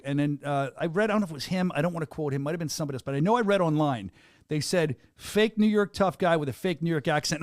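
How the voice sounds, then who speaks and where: A man's voice: fairly high pitch, no room sound, clean studio sound. A man hosting a sports podcast, asking questions and teasing people in the room in a jokey, laughing way. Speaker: podcast host, announcer. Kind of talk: casual podcast interview.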